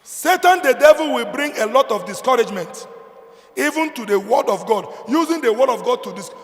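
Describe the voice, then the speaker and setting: A Nigerian man preaches from the pulpit in a high voice. He hammers points loudly and then falls to quiet, low asides. A long reverb from the hall trails his words. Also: lively intonation, brisk. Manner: emphatic preaching, swinging between loud declarations and low asides. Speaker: pastor. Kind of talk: sermon.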